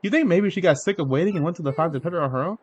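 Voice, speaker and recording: A man's voice: on the high side, very fast, muffled recording, a little hiss or hum, lightly acted. A man voicing a bubbly young female goomba student with chirpy, gushing chatter. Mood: curious.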